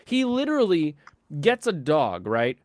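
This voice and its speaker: A man's voice: fairly high pitch, measured pace, no echo. Sardonic man ranting in a dry room. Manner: animated, sardonic ranting, slips into mocking voices. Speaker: host. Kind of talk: casual podcast chat.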